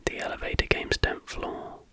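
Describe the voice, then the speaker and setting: A man, an ASMR host, whispering an urban legend slowly and deliberately, like step-by-step instructions.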